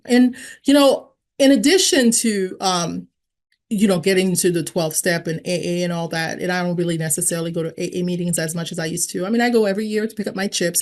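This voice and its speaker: A woman in her fifties, talking with candor about her own life in a loose, conversational way. Her voice sits at an ordinary middle pitch, but it leaps up when she acts out other people's words. She fills her talk with casual asides and fillers. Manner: animated, jumps in pitch when acting out quotes; frank and conversational, with many fillers. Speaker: guest sharing her recovery story. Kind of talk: candid personal storytelling.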